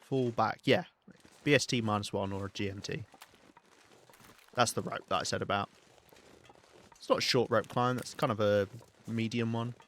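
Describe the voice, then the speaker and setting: A man's voice: fairly low pitch, fairly even intonation, normal speed, long pauses, a bit bright, slight background noise. A man with a British accent giving casual, chatty gameplay commentary as a livestreamer, talking to his chat and swearing now and then. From United Kingdom.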